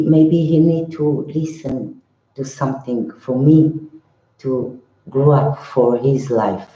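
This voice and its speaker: An older man speaks slowly and haltingly, with a dark, mellow tone and broken English. He is a monk chatting with viewers on a live stream, often repeating his words. The sound is roomy and a little dull. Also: mid-range voice.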